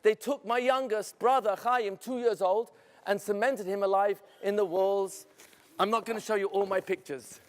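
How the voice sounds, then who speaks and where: A man's voice: high-pitched, fairly even intonation, normal speed, a little hiss or hum. A man telling a dramatic first-person story to students, theatrical and asking his audience questions. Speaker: educator. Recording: echoey hall.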